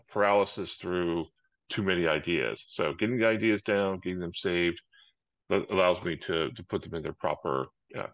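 Deep gravelly man, halting answers. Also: fairly bright tone, dry recording. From Maryland, United States. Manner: hesitant, many "uh" fillers and restarts. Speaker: guest author. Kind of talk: casual interview answers.

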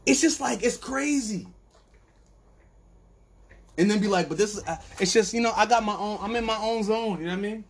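A man's voice: high voice, brisk, pauses often, crowd noise. A man hosting a podcast in a loose, rambling comedic monologue. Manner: animated storytelling with voiced bits, loose and rambling. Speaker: podcast host.

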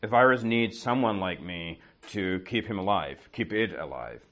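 A man with a slightly low voice tells a lesson as a casual story. He keeps asking himself questions and answering them, tacking "right?" onto his points. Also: normal speed. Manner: animated, asks and answers his own questions, often adds "right?". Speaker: teacher.

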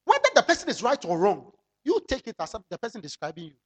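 A pastor preaching a sermon, firing rhetorical questions at the congregation and drawing out key phrases slowly for emphasis. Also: mid-range voice, huge pitch swings, breathy edge.

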